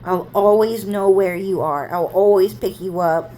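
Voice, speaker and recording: A woman's voice: mid-range voice, unhurried, mellow, a little hiss or hum, close to an everyday voice. A woman voicing her older sister, an emotional young woman who keeps saying "like". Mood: pleading. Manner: emotional, repeats "like" constantly. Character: woman's older sister, volatile, harsh then tearfully loving.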